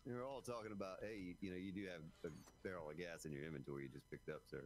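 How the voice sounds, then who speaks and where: A man's voice: deep voice, steady tone, very fast, a little hiss or hum. A middle-aged man streaming a survival game, chatting in a folksy, joking way with his viewers and teammate. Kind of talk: casual live-stream chat.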